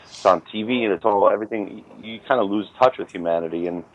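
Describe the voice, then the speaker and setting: Deep-voiced male podcast guest, reflective storyteller; dull lo-fi recording. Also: fast talker. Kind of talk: casual podcast chat.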